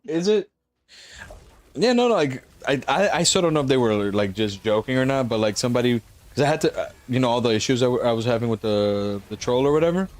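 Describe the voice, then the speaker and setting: A relaxed man talks through his live game stream. He jokes around and curses casually, in a flat, somewhat bothered-sounding tone. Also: mid-range voice. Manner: laid-back, joking, swears freely. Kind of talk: casual live-stream chat while gaming.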